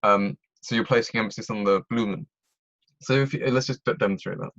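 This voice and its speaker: A man's voice: fairly low pitch, a little fast, fairly bright tone, lo-fi sound, slight background noise. A man tutoring German on a video call, explaining step by step and checking that his students follow. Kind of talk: online tutoring lesson.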